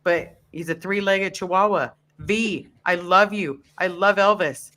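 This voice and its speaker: A woman's voice: fairly low pitch, a little slow, bright, forceful tone. A woman hosting a live-stream chat show, talking in an impassioned, ranting way. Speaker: host.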